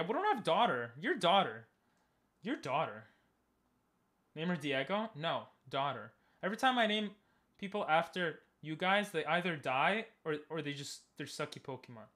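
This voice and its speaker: A young man streams a game, joking casually in his commentary and chatting with his audience. His voice is fairly high and fairly bright.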